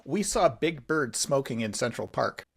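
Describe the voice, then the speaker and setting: A man hosting a podcast, telling stories in an animated way in casual interview chat. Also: medium pitch, normal speed, gravelly, husky. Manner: animated storyteller, laughs often. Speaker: podcast host.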